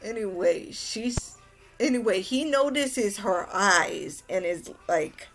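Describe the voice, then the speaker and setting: A woman's voice: medium pitch, lively intonation, slow, fairly bright tone, faint music behind. A young woman giving a casual anime recap, rambling and exasperated, with frequent restarts. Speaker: anime reviewer.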